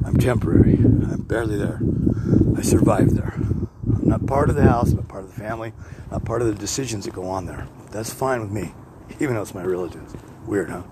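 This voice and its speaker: A man recording a rambling podcast while walking the streets, talking bluntly and swearing freely with many restarts. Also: fairly low pitch. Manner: rambling, with frequent restarts and digressions. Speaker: podcast host. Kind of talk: rambling walk-and-talk monologue. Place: outdoors, walking neighborhood streets. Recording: outdoor street noise with passing vehicles. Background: passing traffic and street ambience.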